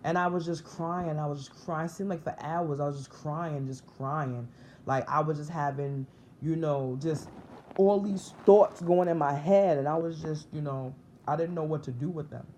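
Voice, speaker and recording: A woman's voice: deep voice, normal speed, mellow, slight background noise. Earnest woman telling a spiritual story. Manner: earnest and emotional, with many restarts and repetitions. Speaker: vlogger sharing a spiritual testimony. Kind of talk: personal storytelling to camera.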